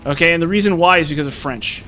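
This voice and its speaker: A man's voice: fairly high pitch, fast talker, sharp tone, soft background music. A young man casually commenting while he plays a game, rambling and musing with many restarts and fillers. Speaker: gaming channel host.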